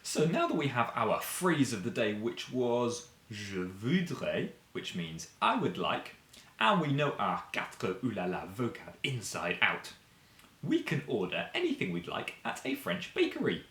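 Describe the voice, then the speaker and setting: A man teaching basic French to beginners and kids, saying each word slowly and clearly for learners to repeat. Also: mid-range voice, wildly swooping pitch, fairly bright tone, roomy sound. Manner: slow, drawn-out repetitions for learners to copy.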